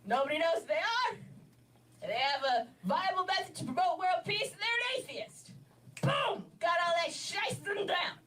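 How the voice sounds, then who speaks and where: Shrill erratic woman doing stand-up. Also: expressive, normal speed, distant mic, noisy background. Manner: erratic, shouting and laughing between lines. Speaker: stand-up comedian. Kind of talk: stand-up set. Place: comedy club stage.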